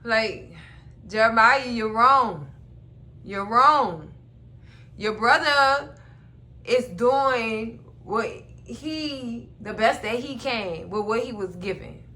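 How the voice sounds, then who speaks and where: Bright high-voiced woman recapping a show. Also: slow. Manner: animated storytelling, acting out characters' lines, laughing. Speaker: recap host. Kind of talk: casual TV episode recap.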